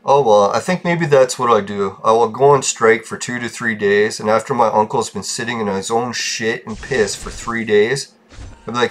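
A man's voice: lowish voice, moderate pace, soft background music. A man podcasting alone, venting bitterly in a casual, profane rant. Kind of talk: casual ranting monologue.

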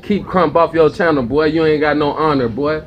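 A man's voice: on the high side, fairly even intonation, moderate pace, a little hiss or hum. A man hosting a ranting callout vlog, taunting and repeating insults between chuckles. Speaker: vlogger host. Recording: dull lo-fi audio.

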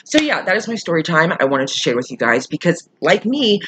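An irate vlogger rants through a storytime with a husky, slightly rough voice at a middling pitch. The delivery is emphatic and full of swearing, jumping from loud outbursts to quiet muttering. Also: big pitch swings, fairly quick. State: irate and upset. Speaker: YouTuber. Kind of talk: storytime vlog rant.

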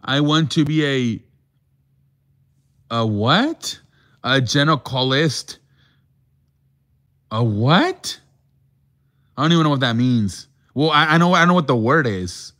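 A man's voice: medium pitch, very animated, unhurried, pauses often, a bit bright. A man hosting a casual live show, joking and mock-offended with callers, sprinkling in Spanish words. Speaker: show host.

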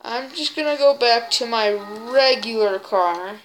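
A woman giving excitable gameplay commentary in a put-on silly voice, full of exclamations. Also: fairly high pitch, measured pace, a little hiss or hum. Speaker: gaming video creator. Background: game music.

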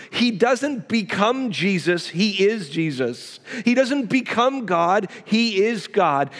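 A male pastor preaching a sermon, with emphatic repetition and quick asides to the congregation. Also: sits high, big-room sound.

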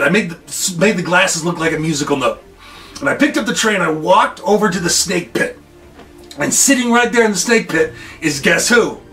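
A man's voice: sits high, pushed and bright, recorded from a distance. A middle-aged man, a school coach, telling students a story from his own life and acting out his reactions with big swings. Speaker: school coach giving a morning talk.

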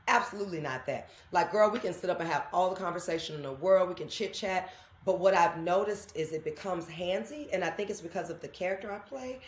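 A woman with a somewhat low voice tells stories with lively energy, slipping into the voices of the people she quotes. Her words ring out in an echoey room. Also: brisk. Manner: animated storyteller, acts out quoted voices. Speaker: guest. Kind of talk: casual interview chat.

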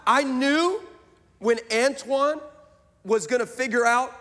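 Male pastor, high voice, lively comic sermon storyteller, big hall reverb. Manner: animated, fast, bursts into excited shouts.

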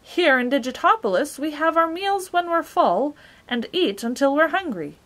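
A woman's voice: high-pitched, animated, moderate pace, a bit bright, pitched above the performer's own voice. A woman voicing the Mathemagician, a pompous, impatient male magician who talks emphatically. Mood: insistent.

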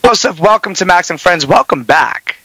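Bright, upbeat male radio host. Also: high-pitched, animated, moderate pace, slightly rough, no echo, low-quality recording. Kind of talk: radio talk show hosting.

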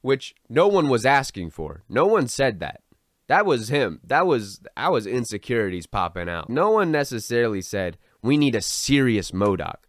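A man's voice: medium pitch, sing-song, normal speed, dry recording, studio quality. A man giving a sarcastic, mocking commentary in a video about a film writer. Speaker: online commentator. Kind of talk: commentary vlog.

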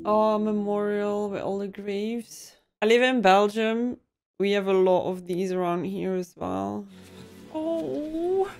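A woman's voice: mid-range voice, steady tone, a little slow, a little mellow, faint music behind. A young woman giving a first-time movie reaction, emotional and given to gasps and exclamations.

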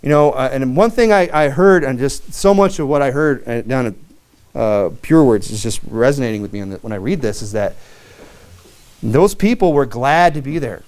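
A man from Michigan preaching a sermon, animated, with many asides and acted-out quotes. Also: mid-range voice, moderate pace, clean tone. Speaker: pastor.

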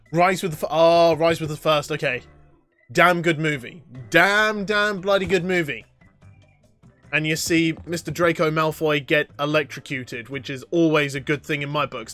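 A fairly high-voiced young man does live gameplay commentary with excitable energy, breaking into laughs and sudden yelps as he plays. He reads viewers' questions aloud and chats back. Faint game music plays behind him. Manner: excitable, reads chat questions aloud and answers them, frequent laughter and outbursts. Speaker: gaming livestreamer.

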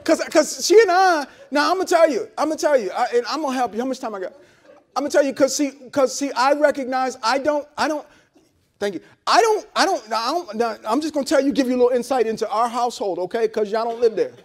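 A man with a very high voice preaches a sermon to his congregation. He talks loosely and conversationally, doubling back on his words and calling for amens. His asides are blunt and joking. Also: lively intonation, fast. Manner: conversational preaching with frequent repeats and call-and-response. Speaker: pastor. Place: church service held in a hotel venue.

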